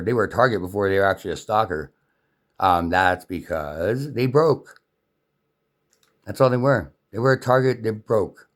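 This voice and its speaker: A man speaks straight to camera in an angry, unscripted rant. He is heated and profane and keeps circling back to the same points. His voice sits at an ordinary middle pitch.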